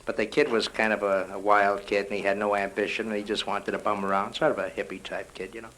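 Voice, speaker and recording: A man doing live stand-up comedy, rattling off rapid-fire one-liners with punchy delivery. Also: on the low side, level tone, fairly bright tone, a little hiss or hum, low-quality recording. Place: live nightclub show. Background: music.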